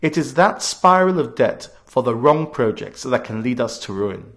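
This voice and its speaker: A man's voice: medium pitch, lively intonation, normal speed, a bit bright. A man of about forty, giving a scripted political radio address in an earnest, emphatic way, leaning hard on key words. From Gibraltar.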